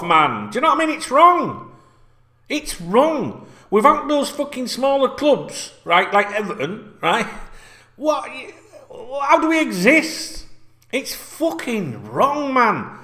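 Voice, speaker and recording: Sweary ranting Yorkshireman, animated pitch. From North Yorkshire, England. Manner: sweary, repetitive, heated ranting. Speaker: football fan channel host. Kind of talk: ranting football fan vlog. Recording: echoey room.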